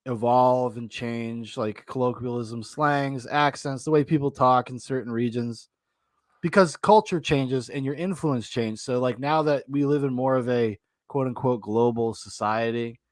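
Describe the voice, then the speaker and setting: An American man hosts a podcast in a mid-pitched voice, joking and rambling between laughs. The sound is dry and close, with no room around it. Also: steady tone, a little slow, no echo. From United States. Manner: jokey, rambling, laughs often. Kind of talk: casual chat.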